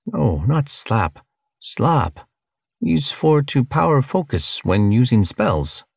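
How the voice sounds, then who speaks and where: A man's voice: mid-range voice, big pitch swings, measured pace, vocal fry, no echo, studio quality, voice pushed up, exaggerated voice. A man voicing a large, earnest blue alien cellmate who talks in broken, simple grammar.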